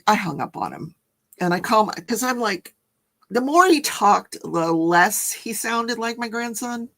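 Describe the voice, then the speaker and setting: Older woman with a gravelly voice. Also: mid-range voice, fairly bright tone. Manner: rambling, self-correcting storyteller. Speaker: livestream host. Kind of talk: casual livestream chat.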